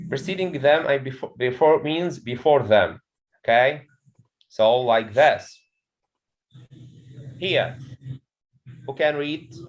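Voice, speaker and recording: A man teaching a pronunciation lesson to a class, repeating words and questions patiently. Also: mid-range voice. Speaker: English teacher.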